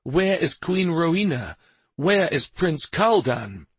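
A man voicing a steady warrior prince who gives firm orders and speaks softly to the frightened, in a storybook reading. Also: a little high, takes it slowly, slightly rough, no room sound, voice pushed up, full character voice. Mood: commanding. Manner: firm, demanding; gentle with the frightened. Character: commanding, steady young male prince warrior.

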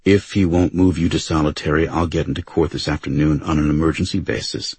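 Man doing a calm lawyer, low husky voice, soft and measured, dry close sound. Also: dry recording, exaggerated voice. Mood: gentle, measured. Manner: quiet, measured questioning. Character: calm male defense lawyer, patient and gentle.

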